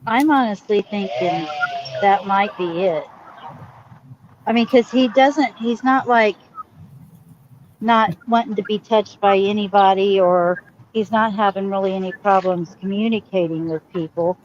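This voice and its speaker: A woman's voice: medium pitch, a little slow. A woman chatting about a news case, opinionated and indignant. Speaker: co-host. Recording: dull lo-fi sound with faint noise.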